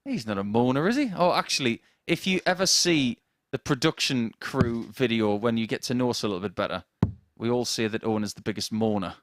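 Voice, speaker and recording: A man's voice: mid-range voice, expressive, a little fast, no room sound. A man commentating on darts, chatty and joking with his co-commentator. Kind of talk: live sports commentary with banter.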